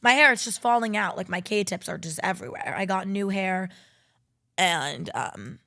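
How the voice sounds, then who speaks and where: A young woman hosting her own podcast, talking casually and at length about her week. She rambles, swears freely and tells stories with animated energy. Her voice sits in an ordinary middle pitch. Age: young adult. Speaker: podcast host. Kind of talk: casual chat.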